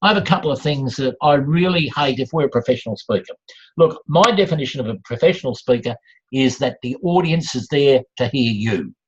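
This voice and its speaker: An older Australian man talks to an audience in a blunt, joking way, speeding up and slowing down for effect. His voice is a bit husky, and the recording sounds dull and lo-fi. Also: fairly high pitch. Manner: blunt and humorous, playing with pace and emphasis. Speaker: professional speaker. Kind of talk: speaking to an audience.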